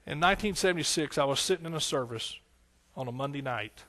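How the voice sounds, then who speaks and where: Middle-aged male pastor, fairly high voice, emotional testimony sermon, hushed then loud. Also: lively intonation, fast talker. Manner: emotional, tearful at times, swings between hushed and loud exclamations.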